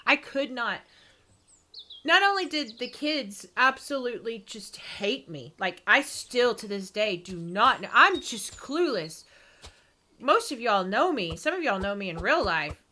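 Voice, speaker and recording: A woman chats casually with her viewers, rambling and poking fun at herself. She laughs often. Her voice sits a bit high and rings bright. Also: very animated, a little slow. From East Texas. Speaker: streamer reading viewer comments. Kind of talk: casual chat.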